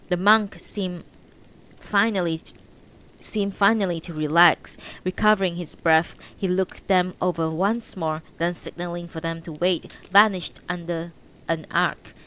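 A woman's voice: on the low side, a bit bright, clear, resonant tone, poor audio. A woman reading a novel aloud on a livestream, unpolished, correcting her slips as she goes. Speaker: audiobook reader on a livestream.

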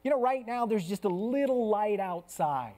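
Man, pastor, sermon, earnest, hushed then raised, slightly high voice, church. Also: lively intonation, normal speed. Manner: earnest preaching, swings from soft hushed to raised.

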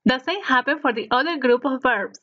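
A woman narrating a scripted language lesson as the teacher, speaking slowly and clearly so learners can repeat after her. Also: sits high, fairly bright tone. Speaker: Spanish teacher. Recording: dull lo-fi recording.

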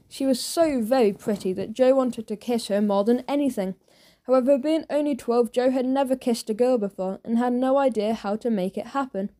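A woman narrating a children's audiobook with lively storytelling. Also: a little high, moderate pace.

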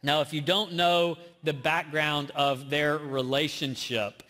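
A man's voice: on the high side, flat delivery, slow pace, bright, forceful tone. A man with a Southern US accent preaching a sermon as a pastor, conversational and self-deprecating. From American South. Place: church auditorium. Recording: long reverb of a large church hall.

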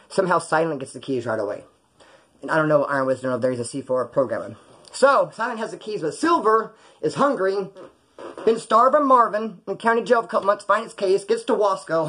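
A husky, high-pitched man from California casually recounts prison stories full of swearing, sitting in a small, hot room. He's full of energy and imitates the voices of the characters.

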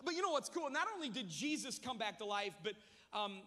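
A man preaching a sermon, telling a humorous story with lively energy in a large church. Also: very high voice, brisk, in a large hall. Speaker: pastor.

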